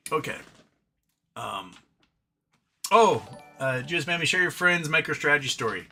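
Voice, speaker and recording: A man's voice: a little high, animated, unhurried, sharp tone, faint music behind. A man hosting a casual live stream, reading chat comments aloud and rambling between them, often talking to his cat. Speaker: livestream host reading chat.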